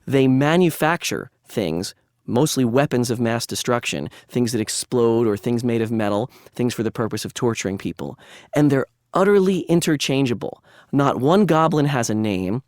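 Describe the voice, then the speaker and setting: A man's voice: mid-range voice, expressive, moderate pace, a little mellow, dry recording, clean studio sound. A man lecturing on literature in a conversational, analytical way, with frequent asides. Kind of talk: academic lecture.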